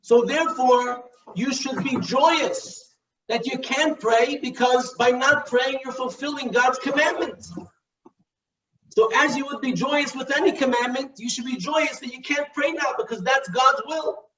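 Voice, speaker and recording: A man's voice: very high-pitched, a little slow, noisy background, pitched above the performer's own voice. A man voicing an earnest old rabbi teaching. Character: wise, gentle Hasidic rabbi brother. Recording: echoey, distant, dull video call.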